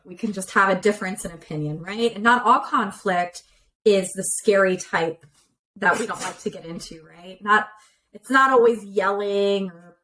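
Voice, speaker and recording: A woman's voice: medium pitch, fairly bright tone, rough recording. Woman therapist explaining patiently over a call. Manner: clear, explanatory, with many examples. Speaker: relationship therapist guest. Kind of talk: conversational interview explanation.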